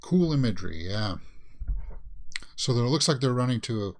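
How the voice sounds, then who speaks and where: A man with a Canadian accent giving casual reaction commentary, thinking aloud and often pausing to search for words. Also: medium pitch, lively intonation. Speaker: reaction video host.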